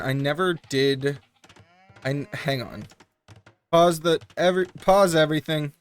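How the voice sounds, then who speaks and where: A man casting a strategy game tournament live on stream, chatty and joking with quick asides. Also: on the high side, clean tone.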